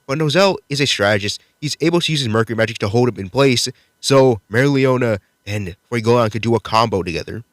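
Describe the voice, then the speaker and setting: A man's voice: medium pitch, quick pace, hardly any pauses, a bit bright, no echo, studio quality. Laid-back man recapping a manga chapter. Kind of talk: casual video commentary.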